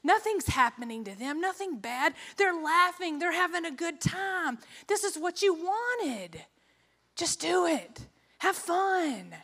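Woman doing Satan, a slow coaxing devil. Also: very high-pitched, sing-song, a bit bright, pitched above the performer's own voice, exaggerated voice. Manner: slow, wheedling persuasion. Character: coaxing male devil tempting from her shoulder.

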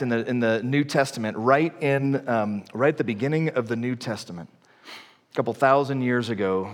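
Man preaching in a reverberant church hall. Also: mid-range voice. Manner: conversational, many fillers and restarts. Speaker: pastor. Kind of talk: sermon with personal story.

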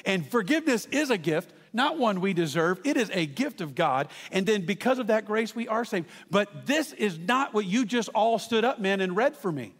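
A man preaching a sermon as pastor, telling stories with lively asides to the congregation. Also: high voice, moderate pace, hardly any pauses, big-room sound. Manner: animated storytelling with asides to the congregation.

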